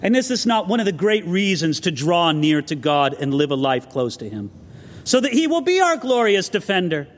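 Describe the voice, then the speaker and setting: High-voiced preacher in a reverberant hall. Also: male voice, big pitch swings, moderate pace. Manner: earnest, preacherly, storytelling with asides. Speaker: pastor. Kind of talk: expository sermon. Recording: long reverb of a large hall.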